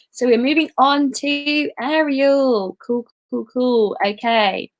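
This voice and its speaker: A woman's voice: sits high, lively intonation, a little slow. A young woman hosting a casual livestream quiz, chatty and giggly with self-deprecating asides. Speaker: quiz host.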